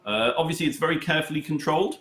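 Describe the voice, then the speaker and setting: A middle-aged man from the United Kingdom, a chess charity head, answering interview questions in a halting, storytelling way with many fillers. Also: a little high, fairly bright tone. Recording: roomy echo.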